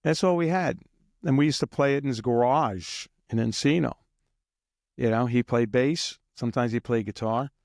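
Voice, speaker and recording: A man's voice: mid-range voice, normal speed, a little mellow, dry recording, clean studio sound. A man guest on an interview, rambling through anecdotes and sometimes mimicking drum beats in a casual, chuckling way. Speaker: guest drummer.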